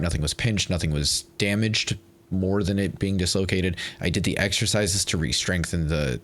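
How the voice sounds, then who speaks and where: Deep-voiced man ranting while he streams. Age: 30s. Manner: ranting, exasperated, swears freely. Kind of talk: casual chat while gaming.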